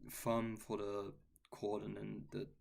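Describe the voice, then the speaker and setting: A man's voice: fairly low pitch, monotone, slow, gravelly, a little mellow. A man, a guitar teacher, answering chat questions in a casual livestream, laid-back and saying "bro" and "man" a lot.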